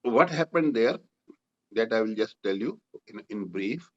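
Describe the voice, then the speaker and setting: A man's voice: fairly low pitch, animated, unhurried. Older Indian man, muffled war storytelling. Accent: Indian English. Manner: vivid, reenacts dialogue with rising intensity. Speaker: war veteran guest. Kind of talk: storytelling in interview.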